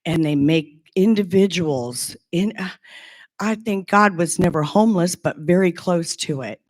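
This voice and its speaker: A low-pitched woman in her sixties tells her personal story as a former clinic patient. She speaks slowly and earnestly, stopping and restarting as she searches for words. Her voice sounds dry and close. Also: no room sound. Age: 60s. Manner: earnest and halting, with frequent restarts. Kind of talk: heartfelt personal testimonial.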